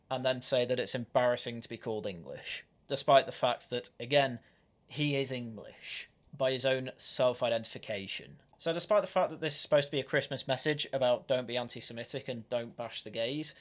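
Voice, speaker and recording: A man hosting a reaction commentary, speaking in a critical, argumentative way with frequent restarts. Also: medium pitch. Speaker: commentary channel host.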